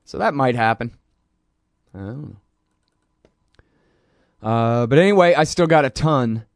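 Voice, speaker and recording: A man's voice: on the low side, smooth, dry recording, studio quality. A man hosting a political talk show, talking in a casual, rambling and sarcastic way. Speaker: radio show host.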